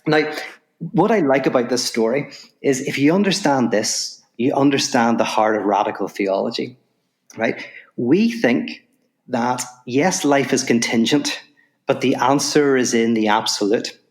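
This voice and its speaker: A man, the guest on a podcast interview, talking fast and telling stories while explaining ideas. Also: mid-range voice. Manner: animated storyteller, quick explanations. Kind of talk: podcast interview, storytelling and philosophy.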